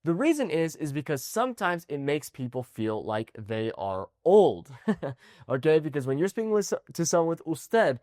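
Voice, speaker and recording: A man teaching an online language lesson, animated and often checking in with "okay?". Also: a little high, moderate pace, no room sound, clean studio sound. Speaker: Spanish teacher.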